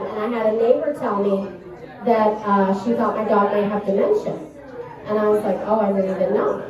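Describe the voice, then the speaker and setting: A woman doing a stand-up comedy set, rambling and self-deprecating, with a halting storytelling manner. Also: fairly high pitch, muffled recording. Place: small comedy club stage. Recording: echoey club heard from a distance.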